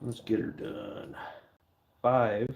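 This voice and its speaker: A man's voice: medium pitch, level tone, extremely slow, gravelly. A middle-aged man chatting casually to camera while stamping a silver bar, joking and talking to his dog as he works.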